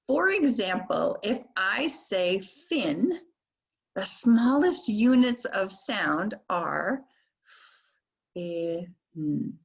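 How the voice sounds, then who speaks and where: Brief: older female literacy trainer, deliberate modeling of speech sounds, dull lo-fi audio. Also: mid-range voice, sing-song, vocal fry, breathy edge. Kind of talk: recorded teacher training lecture.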